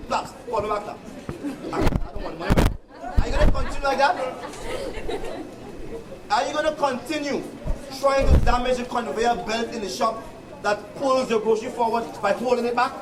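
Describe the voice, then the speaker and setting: A man's voice: extremely high pitch, a little fast. A man with a Trinidadian accent giving a rousing, preacherly address to workers, with mocking asides. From Trinidad and Tobago. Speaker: union leader addressing workers. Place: indoor workplace gathering. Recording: echoey room, far from the mic, noisy crowd.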